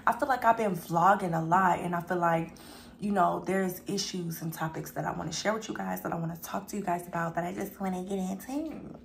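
A young woman talks casually to her viewers while she eats on camera, calling them y'all and pausing for the odd burp. Her voice sits a little low, with a gravelly, fried edge. A faint hum of room noise runs behind her. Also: fairly even intonation. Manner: chatty, talks to viewers as y'all, burps between bites. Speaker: mukbang vlogger. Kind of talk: casual chat while eating.

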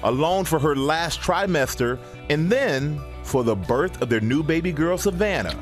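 Upbeat male TV host with lively pitch. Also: moderate pace. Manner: upbeat, animated, often laughing. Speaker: morning show host. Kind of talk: live TV hosting and narrated report. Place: TV studio with live audience. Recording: studio with audience and music bed.

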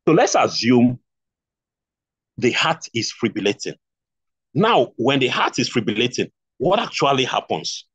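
A man's voice: medium pitch, sing-song, measured pace, long pauses, a bit bright, husky, no echo. A man with a Nigerian accent teaching a nursing exam review class, repeating key points and asking rhetorical questions. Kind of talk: online lecture. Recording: dull lo-fi stream audio.

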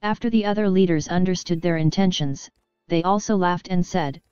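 A woman narrates a web novel in a steady, even storytelling voice. Her voice is low-pitched for a woman and very clean, recorded dry and close. The sound is somewhat dull and lo-fi, with faint music under it. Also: moderate pace, clear, resonant tone, no room sound.

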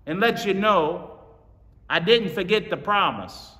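A male preacher voicing a calm heavenly messenger who reassures an old couple about a promise. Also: sits high, a little slow, in a large hall, voice pushed up, full character voice. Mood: reassuring.

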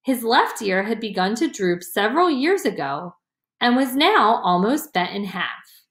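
Woman reading a storybook real slow, pitch goes up and down a lot, kinda echoey room. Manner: gentle, expressive reading with lively pitch. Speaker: audiobook reader. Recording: roomy echo.

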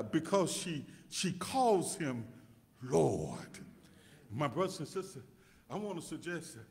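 A male pastor preaching a sermon, restarting words in stammering repeats and rising to shouts as he calls out to his congregation. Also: fairly high pitch. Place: church sanctuary. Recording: long reverb of a church hall.

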